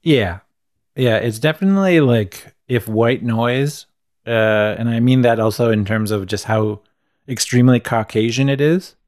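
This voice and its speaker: Male podcast co-host, mid pitch, laid-back and rambling, dry sound. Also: moderate pace, a little mellow, dry recording. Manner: laid-back, rambling, chuckles at his own jokes. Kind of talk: casual film review chat.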